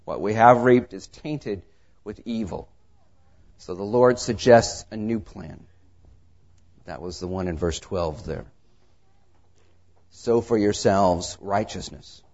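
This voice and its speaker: A man preaching a sermon, reading scripture and telling stories, his delivery swinging between quiet asides and raised emphasis. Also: lowish voice, slow pace, long pauses. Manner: tells anecdotes with acted dialogue. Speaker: pastor. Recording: dull lo-fi sermon recording.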